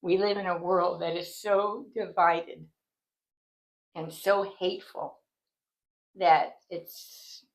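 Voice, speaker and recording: A woman leading a Bible study with a voice that sits a little low for a woman. She talks earnestly and grows indignant. She rambles in a loose, conversational way and restarts her sentences often. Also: fairly even intonation, slow pace, long pauses, low-quality recording. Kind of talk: conversational devotional talk.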